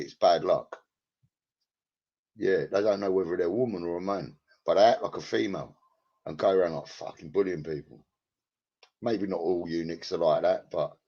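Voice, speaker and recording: A man with a low, slightly mellow, husky voice chats from home through a headset to his live-stream audience, rambling crudely, cursing freely, and bantering with viewers he greets by name. The sound is dull and lo-fi.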